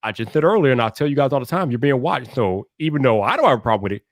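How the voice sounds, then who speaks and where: A man's voice: medium pitch, animated, rapid-fire, no room sound. A man co-hosting a livestream, talking in a laid-back, slangy way to the audience. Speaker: livestream co-host. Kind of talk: casual livestream chat.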